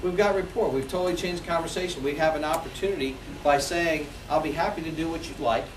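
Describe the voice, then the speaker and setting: Sales trainer, man, 40s. Lively, high-ish voice, recorded at a distance in an echoey room. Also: fast talker, slight background noise. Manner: energetic, role-plays customer calls.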